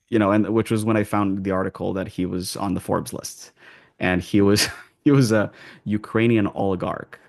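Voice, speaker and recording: A man's voice: low-pitched, gravelly. A man who works as an accent coach, answering interview questions in a rambling way with many restarts and fillers.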